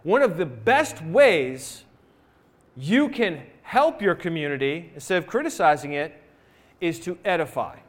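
A man's voice: a little high, animated, a little slow. A male pastor preaching a sermon in a church, conversational, with rhetorical questions and asides to the congregation. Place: church sanctuary.

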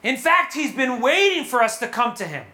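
A woman giving a sermon to young adults at a retreat, animated and asking the audience questions. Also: sits high, normal speed. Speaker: retreat speaker. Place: retreat hall.

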